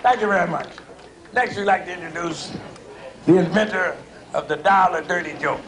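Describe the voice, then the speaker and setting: A man announcing comedians in a club with booming showman calls. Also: normal speed, a bit bright, a faint crowd, slight background noise. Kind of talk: introducing acts.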